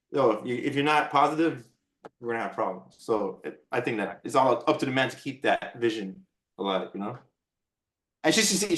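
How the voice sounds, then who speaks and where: A man in casual chat, easygoing and agreeable, giving upbeat life advice. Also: mid-range voice. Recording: echoey room sound.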